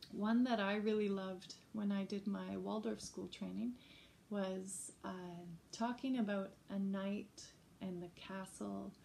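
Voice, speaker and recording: A woman music educator giving a gentle, chatty teaching talk to teachers and parents. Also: mid-range voice, vocal fry, slight background noise. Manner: gentle, chatty, breaks into short sung examples. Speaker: early childhood music educator.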